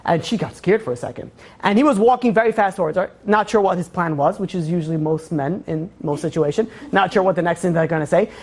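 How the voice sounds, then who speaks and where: A woman telling a moral story in a lecture, animated and acting out the characters' lines. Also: fairly low pitch, fast talker, slightly rough. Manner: animated, acts out quoted dialogue. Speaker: teacher of Torah.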